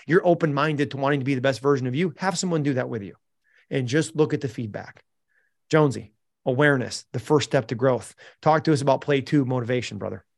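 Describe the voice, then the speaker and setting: A man hosting a live group coaching call, telling coaching stories in an energetic, encouraging way. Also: mid-range voice. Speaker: mental performance coach, host. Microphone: video call.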